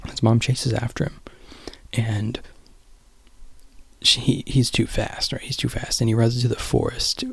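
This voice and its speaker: A man's voice: mid-range voice, little pitch movement, a little slow, gravelly, long pauses, slightly rough, no room sound, in a whisper. A man casually rambling through a film retelling, full of "you know" and "like".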